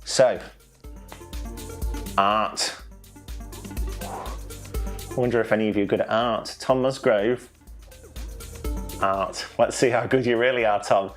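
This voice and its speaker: A young man hosts a quiz from home in a playful, joking way, cheerfully tripping over foreign names as he reads the questions. Faint music plays quietly behind him. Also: fairly low pitch, fairly even intonation, slow pace, pauses often. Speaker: quiz host. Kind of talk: hosting an online quiz from home.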